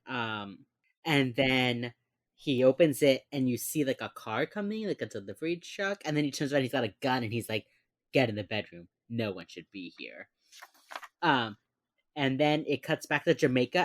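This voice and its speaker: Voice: mid-range voice, fairly quick, no room sound, clean studio sound. A podcast co-host in casual chat, retelling a TV episode scene by scene and acting out the characters' lines. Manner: animated storyteller who acts out the characters' lines.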